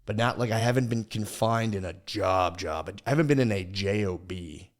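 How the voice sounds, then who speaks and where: A man's voice: fairly low pitch, normal speed. A man hosting a podcast in casual chat, rambling and self-deprecating, swearing a lot and restarting his sentences often. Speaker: podcast host.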